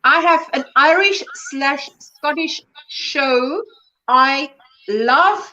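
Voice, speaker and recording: High-voiced woman hosting a crochet livestream. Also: extremely slow, highs cut off. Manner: reads comments aloud and reacts warmly. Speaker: livestream host. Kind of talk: casual chat, reading viewer comments aloud.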